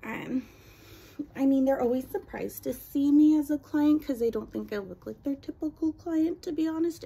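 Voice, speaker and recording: A woman's voice: on the high side, creaky, warm tone, slight background noise. A young adult woman vlogger chatting casually through a product unboxing and review, rambling with self-deprecating asides.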